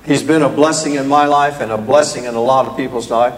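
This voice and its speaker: Older Southern preacher in a reverberant hall. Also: male voice, medium pitch, fairly even intonation, fairly quick, slight background noise. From American South. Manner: rambling, folksy, self-deprecating. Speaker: guest preacher. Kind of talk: sermon opening remarks. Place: church hall.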